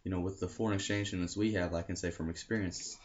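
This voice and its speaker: A young American man with a low voice rambles casually to camera and keeps correcting himself with lots of fillers. The sound is dull and lo-fi, like a basic home recording. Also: fairly even intonation, fast. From United States. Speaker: language learning vlogger.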